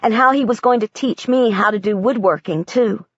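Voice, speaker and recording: A woman's voice: fairly high pitch, normal speed, no echo, dull audio. A woman reading a first-person audiobook in a plain, matter-of-fact storytelling voice. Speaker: audiobook narrator.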